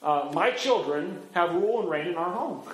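A middle-aged man preaching a sermon as a pastor, animated, swinging his pitch up and down as he acts out quoted voices. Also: normal speed, reverberant, poor audio.

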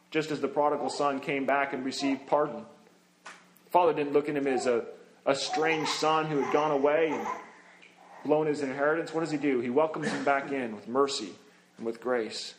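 A high-pitched man delivers a sermon as a pastor, preaching earnestly and slowing down, sinking low as he finishes each scripture line. There's a little hiss or hum in the recording.

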